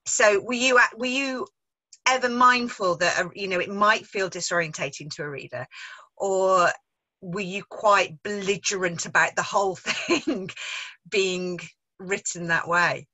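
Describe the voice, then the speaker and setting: Sex: woman. Role: author and interviewer. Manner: eager, many "um"s, restarts. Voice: bright, mid pitch. Mic: video call. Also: unhurried, rough recording. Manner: enthusiastic, many fillers and restarts.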